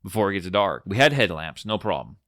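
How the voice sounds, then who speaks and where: A man in his forties with a fairly low voice tells a long story on a podcast, circling back and restarting his sentences. The sound is dry and close, with no room around it. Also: fairly quick, no echo. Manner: rambling, animated, restarts often. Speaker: podcast host. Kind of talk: casual storytelling.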